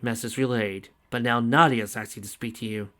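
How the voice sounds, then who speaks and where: A man's voice: medium pitch, steady tone, moderate pace, pushed and bright, lightly acted. A man reading the lines of a cheeky talking computer in a sarcastic way. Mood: sassy.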